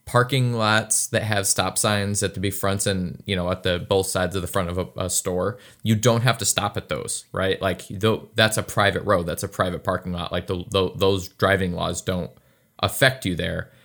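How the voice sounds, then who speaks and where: A man with a lower voice co-hosting a loose, crude conversation. He jokes freely, swears, and likes to act out silly overly formal voices. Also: fairly even intonation, normal speed, fairly bright tone. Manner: crude, jokey, acts out mock-formal voices. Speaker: podcast co-host. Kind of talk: casual chat.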